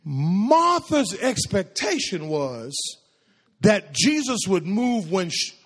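A pastor preaching a sermon in a lively, conversational way, with playful asides and quoted voices acted out. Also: male voice, takes it slowly, breathy edge. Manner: acts out quoted voices in a high pitch.

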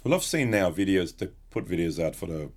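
Husky, lively-voiced man chatting. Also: low voice, brisk. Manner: rambling, chatty, jokey. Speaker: podcast co-host. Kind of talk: casual chat about guitar pedals.

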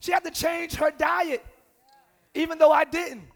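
A man preaching a live sermon in church, shouting some lines and dropping low on others. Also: steady tone, a little slow, vocal fry. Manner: preaching with shouts and sudden drops to near-whispers. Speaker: pastor. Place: church sanctuary. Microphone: handheld or stage mic.

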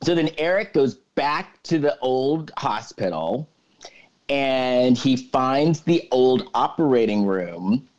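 A man's voice: mid-range voice, lively intonation, slow pace, darkish tone, muffled recording. A man co-hosting a podcast, recapping a movie plot at length in casual chat, stringing scenes together with "so then.". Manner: retells the plot at length with many "so then" fillers. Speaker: podcast co-host.

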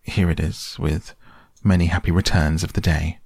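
A timid little piglet frets and apologizes in a storybook reading, voiced by a man. The voice is low and husky, and the words come in a small, anxious rush. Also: steady tone, moderate pace, a little mellow, no room sound, clean studio sound, full character voice. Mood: sniffling.

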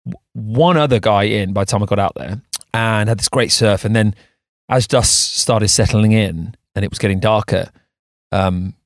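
A man's voice: lowish voice, normal speed, no room sound. Male co-host, casual rambling storyteller, dry close-mic sound. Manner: rambling storyteller with many restarts. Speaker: podcast co-host. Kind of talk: casual chat.

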